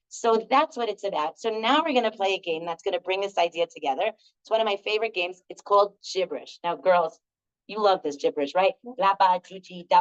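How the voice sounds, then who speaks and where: A middle-aged woman leading a live group workshop, telling stories in a chatty way with many fillers. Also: a little high. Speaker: workshop leader. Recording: dull lo-fi recording.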